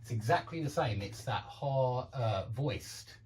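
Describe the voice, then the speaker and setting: A man teaching English pronunciation in an online lesson, a native speaker who drills words slowly and repeats them for practice. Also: mid-range voice, animated, darkish tone, slight background noise.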